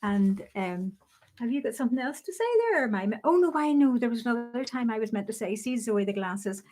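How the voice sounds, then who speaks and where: An older woman telling her memories in an interview, lively and often laughing. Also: fairly high pitch, fairly quick. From Northern Ireland. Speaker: guest. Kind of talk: storytelling interview.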